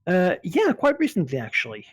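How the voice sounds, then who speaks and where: A man's voice: sits high, wildly swooping pitch, fairly quick, husky, no echo. A man narrating a tabletop game as game master, hesitant and full of fillers.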